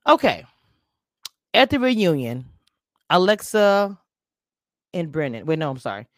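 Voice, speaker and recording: A woman's voice: low-pitched, very animated, unhurried, no room sound, clean studio sound. A woman reviewing a reality show on a casual live stream, blunt and opinionated in her takes.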